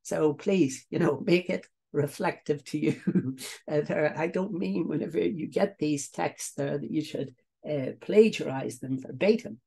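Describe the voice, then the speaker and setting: Irish male business coach, gravelly and husky, repeats himself and checks in with "okay?". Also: on the high side, a little slow, a little mellow. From Ireland. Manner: repetitive, tags points with "okay?" and "uh, there" fillers. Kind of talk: online training webinar.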